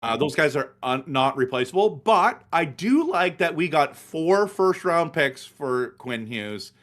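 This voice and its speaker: Host: middle-aged man, high voice, passionate ranting hockey talk. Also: sing-song, unhurried, a bit bright. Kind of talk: casual sports chat.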